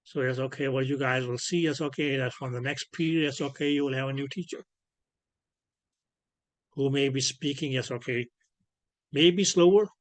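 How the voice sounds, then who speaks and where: A man teaching ultrasound physics in an online lecture over a computer microphone. He keeps checking whether students follow by asking "clear?", and he fills his sentences with "okay, yes". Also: medium pitch, moderate pace, long pauses, dry recording. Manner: peppers speech with filler "okay, yes". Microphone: computer mic on a video call.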